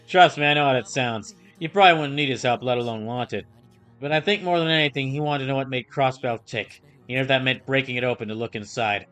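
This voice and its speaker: Man doing a low gravelly gangster voice, older-brother tough guy, quiet and gruff, tacks on a "see?", voicing game dialogue. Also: quick pace, faint music behind, lightly acted. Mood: earnest. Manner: ends lines with a gangster-style "see?".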